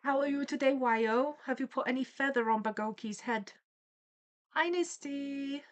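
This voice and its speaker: A woman's voice: high-pitched, normal speed. Chatty woman streaming live. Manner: chatty and playful, greets chat by name, giggles often. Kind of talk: casual live-stream chat while drawing.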